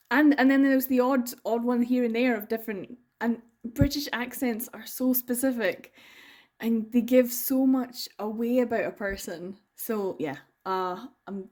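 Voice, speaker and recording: A woman's voice: on the high side, darkish tone. Chatty, rambling woman book vlogger. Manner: rambling, enthusiastic, frequent laughs and trailing fillers. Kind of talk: casual chatty vlog.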